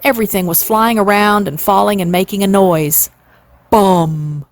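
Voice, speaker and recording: A woman in her sixties reading a classic children's novel aloud, expressive and playing up the sound words. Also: medium pitch, fairly quick. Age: 60s. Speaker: storyteller.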